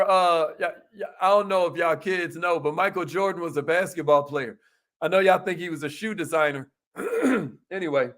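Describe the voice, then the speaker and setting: A middle-aged man giving a motivational talk to a live call audience, folksy and animated, calling out to his listeners. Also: sits high. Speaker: motivational speaker.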